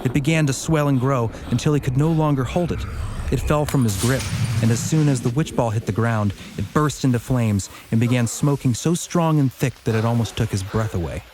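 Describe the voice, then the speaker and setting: A man's voice: medium pitch, a little fast, background noise. A man hosting a podcast, reading a story aloud and chatting casually, laughing easily. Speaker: podcast host.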